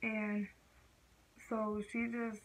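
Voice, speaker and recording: Teen girl rambling thru a storytime vlog, lots of "like", pretty monotone. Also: on the high side, extremely slow, slight background noise, rough recording. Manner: casual slangy storytelling, many fillers. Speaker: vlogger. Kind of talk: casual storytime.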